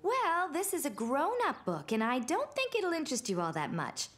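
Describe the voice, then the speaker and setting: A patient cartoon mom. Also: female voice, high-pitched, huge pitch swings, moderate pace, soft background music, heavily acted. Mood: gentle. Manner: gentle, patient. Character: warm, patient young mother. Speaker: mother character. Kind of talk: cartoon voice acting.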